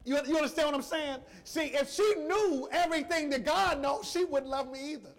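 A man preaching a sermon, emotional and emphatic, repeating phrases and calling out to the congregation. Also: extremely high pitch. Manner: emphatic, repetitive, slow emphasis; emotional, addresses congregation directly.

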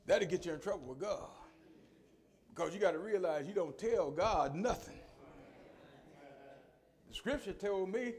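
A middle-aged man preaching a sermon, swinging from quiet conversational asides to shouted, sung peaks and calling on the congregation. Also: high voice, lively intonation, a little slow, long pauses.

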